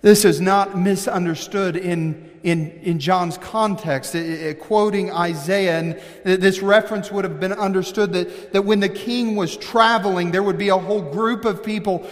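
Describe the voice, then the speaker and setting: A man preaching a sermon, pressing his points hard as he reads scripture and explains it. His voice sits high for a man. The sound rings with a long reverb, as in a large church sanctuary. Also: fairly even intonation, moderate pace, few pauses. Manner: emphatic preaching, reads scripture aloud with commentary. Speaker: pastor.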